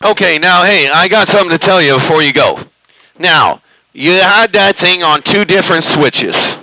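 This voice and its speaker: A man with a high, expressive voice that's pushed and bright speaks at normal speed, with no echo and rough recording quality. He's a CB radio operator hosting a channel from his home bedroom, rambling on casually into the CB mic with folksy, hesitant filler words.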